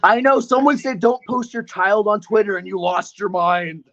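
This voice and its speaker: A man's voice: high voice, normal speed, a bit bright. A man in his twenties taunting and mocking others in a heated online voice chat, grandiose and insulting. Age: 20s. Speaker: voice chat participant. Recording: muffled lo-fi voice chat audio.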